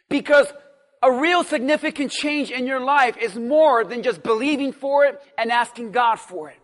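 A man preaching a sermon as pastor, emphatic and repetitive, swinging from quiet talk to shouted lines. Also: extremely high pitch, moderate pace, big-room sound. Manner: repeats phrases for stress.

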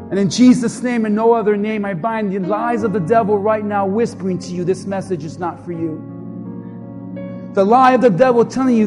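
A man's voice: high-pitched, fairly quick, darkish tone. A man preaching as a pastor, giving an impassioned altar-call sermon with a repetitive preaching cadence and leading the congregation in prayer. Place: church sanctuary. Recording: long hall reverb, faint music.

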